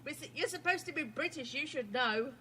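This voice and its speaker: A woman's voice: high voice, expressive, a little fast, pushed and bright, slight background noise, low-quality recording. A woman co-hosting a casual radio show, bantering with cheeky remarks.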